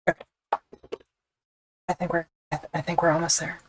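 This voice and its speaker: A woman's voice: fairly low pitch, little pitch movement, normal speed, a little hiss or hum, poor audio. A woman leatherworker talking her way through stitching a sheath in a casual, wry running commentary, often muttering to herself as she works. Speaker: leatherworker streaming her craft.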